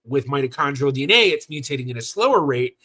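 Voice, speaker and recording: A man's voice: medium pitch, animated, fast talker, pushed and bright. A man from Southern California hosting a genealogy livestream, talking casually and rambling with fillers and self-corrections as he answers viewer questions.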